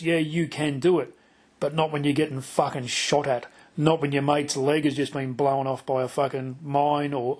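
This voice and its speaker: A man's voice: a little high, a little mellow. A middle-aged Australian man hosting a podcast, telling stories bluntly and swearing freely. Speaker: podcast host. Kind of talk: casual chat.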